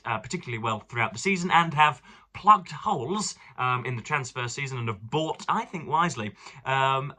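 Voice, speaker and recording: This book reviewer, a young man from England, digresses freely in a relaxed vlog and likes fancy words. He speaks at a medium pitch with a pushed, bright sound.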